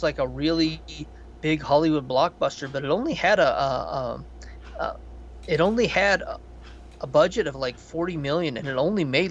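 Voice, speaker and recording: The audio is dull, with a little hiss or hum, as a man with a fairly high voice co-hosts a podcast. He talks about a movie in a loose, rambling, profane way, telling animated stories as part of a casual review.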